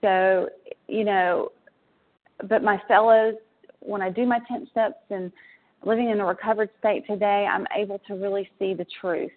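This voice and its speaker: A woman sharing her recovery story in a meeting, earnest and halting with frequent ums. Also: medium pitch, fairly even intonation. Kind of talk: personal recovery share. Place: room at a convention. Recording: tinny phone line.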